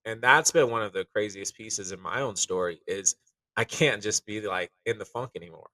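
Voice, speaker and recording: A man with a bright, forceful voice talks in an earnest, reflective way, dotted with fillers. His voice sits a little low. It is recorded dry but slightly off the microphone. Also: moderate pace, no echo, distant mic, rough recording. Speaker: chef. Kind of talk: candid podcast conversation.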